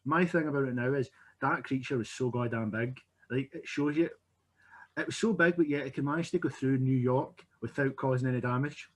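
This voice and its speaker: A man with a husky, mid-pitched voice joins a casual film chat. He meanders through his points and questions himself as he goes. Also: a little fast. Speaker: podcast co-host.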